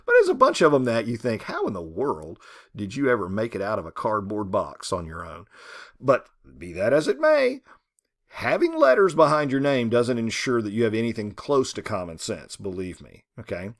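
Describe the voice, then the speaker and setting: A male literature professor in his fifties or older gives a lecture in a conversational way. He asks rhetorical questions and drops frank asides. His pitch moves in a lively way, though it sits at a middling level for a man. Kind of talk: recorded lecture.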